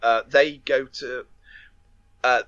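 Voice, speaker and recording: A man's voice: medium pitch, steady tone, slow pace, fairly bright tone, no room sound, highs cut off. A man co-hosting a podcast, retelling a film plot in casual chat with lots of fillers, restarts and laughter. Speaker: podcast co-host.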